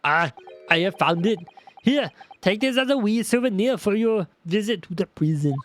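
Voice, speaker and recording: A man's voice: sits high, animated, moderate pace, pitched above the performer's own voice. A man voicing a genial male prison governor in a video game, hearty and chatty.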